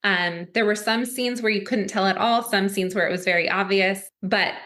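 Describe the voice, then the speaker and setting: A woman's voice: medium pitch, moderate pace, fairly bright tone. Chatty giggly woman podcast host. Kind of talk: casual chat.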